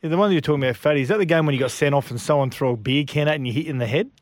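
A man's voice: fairly high pitch, racing, dry recording, clean studio sound. A man, hosting sports talk radio, who fires off eager, jokey questions. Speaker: radio host.

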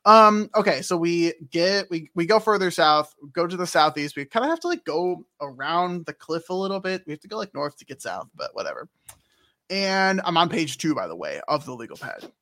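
A man's voice: fairly high pitch, brisk. A man co-hosting a podcast, recapping a video game in casual, jokey chat. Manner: animated, jokey, acts out characters in silly voices.

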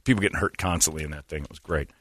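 A man hosting a talk show, telling comic stories in a loose, chatty way and acting out other people with sudden loud yelps. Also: rumbling low, racing, no room sound, studio quality. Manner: animated, acts out voices with loud yelps. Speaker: radio show host. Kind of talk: casual comedic storytelling.

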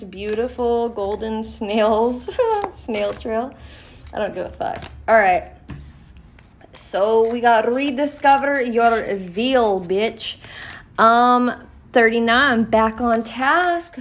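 A woman's voice: on the high side, creaky, a little hiss or hum. A young woman giving a casual tarot reading on her podcast, talking in a blunt, profane and encouraging way. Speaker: tarot reader.

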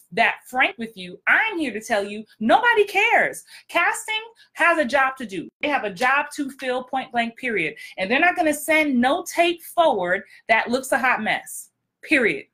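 A woman's voice: high voice, big pitch swings, normal speed, bright, forceful tone. A woman acting coach hosting a podcast, talking in a direct, blunt, emphatic way with repeated punchlines. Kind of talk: casual podcast monologue.

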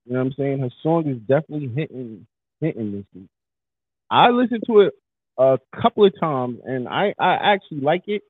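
Animated man on a tinny line. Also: mid-range voice, fairly quick, no echo. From New York. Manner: animated, hypes up his lines. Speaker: podcast co-host. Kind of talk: casual chat. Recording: husky voice over a tinny phone-like line.

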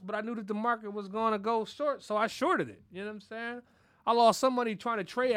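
A man's voice: sits high, sharp tone, no room sound, clean studio sound. Brash, profane man ranting on a podcast. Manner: brash, profane, keeps asking "you know what I'm saying". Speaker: podcast host. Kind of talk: profane casual rant.

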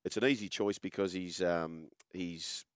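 A man hosting a casual sports chat, telling an animated yarn. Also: low-pitched, measured pace, smooth, no echo, studio quality.

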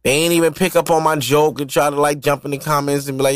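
A man's voice: on the high side, level tone, quick pace, few pauses, dry recording. Male solo podcast host, casual and profane, rambling talk, dry close sound. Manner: loose, profane, rambling, laughs often.

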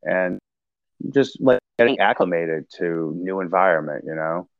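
A man with a very low, gravelly voice tells his story in a slow, halting way, full of fillers and restarts. The recording is dry and a little dull. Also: expressive, no echo. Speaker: podcast guest sharing recovery story. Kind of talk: casual conversational storytelling.

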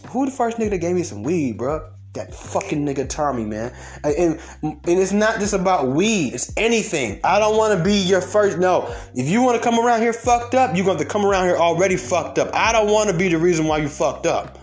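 Guy ranting, fast and blunt, lots of swearing, higher-pitched voice. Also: animated. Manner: blunt, profane, fast-talking. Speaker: storyteller. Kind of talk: comedic storytelling rant.

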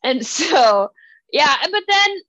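A woman's voice: sits high, slow, no echo. Enthusiastic woman co-host, dry dull mic. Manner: enthusiastic, excitable. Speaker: podcast co-host. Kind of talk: casual chat.

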